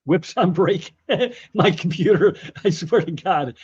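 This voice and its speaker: Male stream host, chatty and laughing, slightly high voice, muffled lo-fi audio. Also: expressive, slow pace, a little mellow, husky, dry recording. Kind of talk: casual livestream chat.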